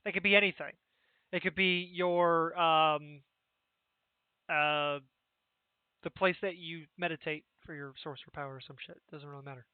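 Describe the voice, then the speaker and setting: Casual young male game master, slightly high voice, rambling with fillers, tinny voice-chat sound. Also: steady tone, moderate pace, long pauses, smooth, dry recording. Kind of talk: running a tabletop game over voice chat.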